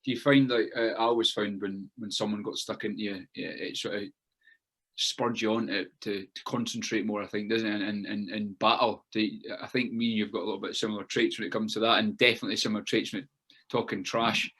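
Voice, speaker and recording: A man's voice: on the low side, little pitch movement, a little fast, fairly bright tone, slightly rough. A man, a podcast co-host, asking questions and telling his own stories in a chatty way, often saying "mate". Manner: chatty, many restarts and fillers, says mate. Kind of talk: casual interview chat.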